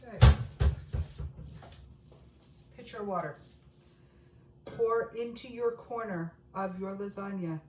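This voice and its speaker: A middle-aged woman, a home cooking vlogger, gives a casual recipe demonstration in her home kitchen, chatting directly to viewers. Her medium-pitched voice moves slowly with long pauses, and the recording sounds roomy with background noise.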